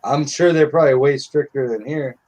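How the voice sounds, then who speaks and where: A man's voice: medium pitch, fairly quick, a little mellow. A middle-aged man telling stories in casual live-stream chat, blunt and profane.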